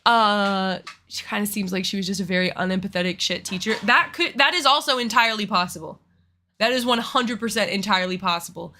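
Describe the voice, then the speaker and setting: A woman's voice: medium pitch, a little fast, sharp tone. A woman who works as a teacher, talking frankly and emphatically in a casual reaction chat, with many restarts.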